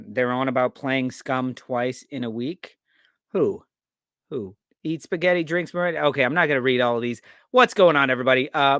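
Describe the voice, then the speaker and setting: Casting: American man as live-show host, a bit high-voiced, loose and chatty, dry close sound. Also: a bit bright, no room sound. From United States. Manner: laid-back, rambling, reads out viewer comments. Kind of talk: casual live-stream chat.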